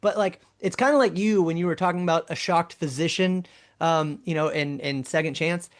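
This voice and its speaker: A man's voice: fairly high pitch, normal speed. A man co-hosting a casual podcast, musing and analysing song lyrics with enthusiasm. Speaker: podcast co-host, band member. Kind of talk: casual album discussion.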